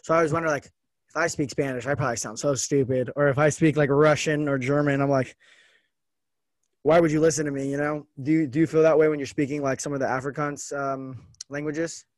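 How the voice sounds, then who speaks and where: A man's voice: fairly high pitch, steady tone, fast, dry recording. An American man hosting a podcast, asking questions in a casual, rambling way with many fillers. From United States. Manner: rambling, filler-heavy, curious. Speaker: podcast host. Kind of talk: casual conversation.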